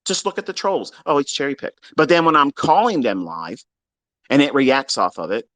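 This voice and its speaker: In a live audio chat room, a male trading mentor launches into a blunt, exasperated rant at his students, swearing heavily throughout the lecture. His medium-pitched voice is very animated and fairly bright, at a moderate pace with no echo.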